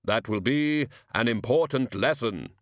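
Man doing a slow calm otherworldly gift-giver, deliberate, dry sound. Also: mid-range voice, no room sound, close to an everyday voice.

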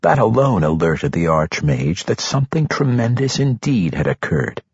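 A man narrating a fantasy audiobook in a very low, husky voice. His pitch moves a lot as he reads, measured and expressive. The recording is dry and dull. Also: no echo.

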